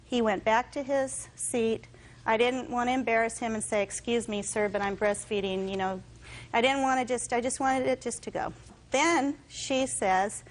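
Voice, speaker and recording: A woman testifying in court, telling her story in an animated way and acting out what others said. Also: fairly high pitch, moderate pace, low-quality recording. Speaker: litigant in court.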